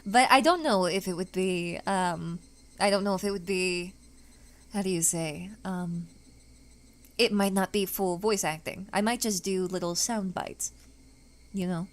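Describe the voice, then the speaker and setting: A young woman streamer chatting casually and wordily, her pitch swooping up and down a lot. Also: a little slow. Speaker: VTuber streamer. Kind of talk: casual live-stream chat.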